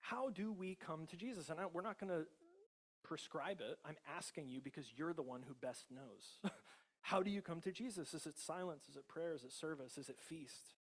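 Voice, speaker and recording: A male pastor with an American accent speaks at a moderate pace in a fairly high voice. His casual sermon is conversational, sprinkled with laughter and many tag questions to the congregation.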